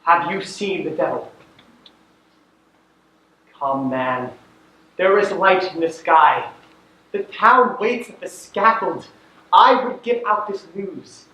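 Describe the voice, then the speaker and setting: Young man doing a cold pressing judge, high voice, commanding, big echoey hall. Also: lively intonation, bright, forceful tone, heavily acted. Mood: interrogating. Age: late teens. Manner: measured, commanding questioning. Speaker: student actor. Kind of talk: stage acting in a school play. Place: school stage hall. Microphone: distant camera in the audience.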